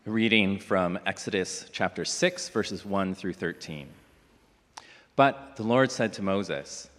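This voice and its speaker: A lower-voiced man reads scripture aloud to a congregation. His delivery is measured and solemn. The sound rings with the long reverb of a church hall. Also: fairly bright tone. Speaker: scripture reader. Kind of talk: formal scripture reading.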